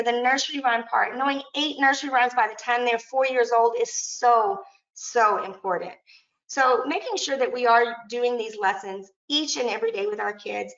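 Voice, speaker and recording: A woman's voice: fairly high pitch, fairly bright tone. A woman presenting a teacher training lesson, modeling classroom prompts in an upbeat way. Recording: echoey room, dull lo-fi audio.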